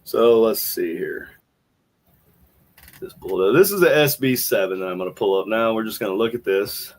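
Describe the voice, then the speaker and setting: A man's voice: fairly low pitch, animated, moderate pace. A man hosting a podcast, thinking aloud in casual commentary as he plays clips, rambling with restarts. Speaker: podcast host.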